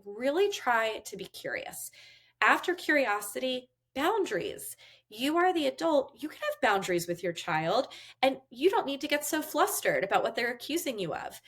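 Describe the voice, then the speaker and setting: A woman's voice: fairly high pitch, big pitch swings, normal speed, a bit bright. A woman therapist giving parenting advice in an interview, explaining step by step and acting out what a parent and child might say. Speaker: therapist guest.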